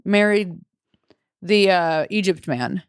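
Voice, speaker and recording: A woman's voice: on the low side, takes it slowly, smooth, no room sound, clean studio sound, pitched below the performer's own voice. A woman doing a dim Southern bumpkin drawl. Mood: deadpan. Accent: put-on Southern US.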